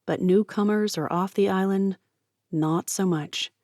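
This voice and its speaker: A woman reading an audiobook with steady, expressive narration. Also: medium pitch, measured pace, no room sound, studio quality.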